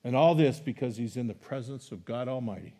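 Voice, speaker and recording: This pastor, a middle-aged man with a mid-range voice, moves a little fast. He talks easily with his congregation between readings and lifts his voice into loud, animated emphasis whenever he quotes scripture.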